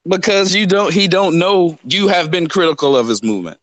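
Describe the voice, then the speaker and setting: A man with a slightly high voice presses his point in a heated argument, insistent and slangy. The recording is dry and close, with no room sound. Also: a little fast, a bit bright, dry recording. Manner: insistent, challenging, slangy, repeats "listen". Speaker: podcast guest.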